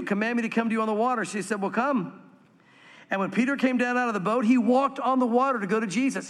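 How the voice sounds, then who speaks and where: A man preaching a sermon as pastor, earnest and swinging from animated to hushed. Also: high voice, in a large hall.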